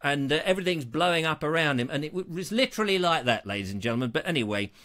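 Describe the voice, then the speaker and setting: Man, live show host, high voice, very bouncy pitch, chatty and self-mocking. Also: fast. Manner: animated and self-mocking, rambling jokily. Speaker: host of his own live online show. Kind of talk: chatty live-stream banter.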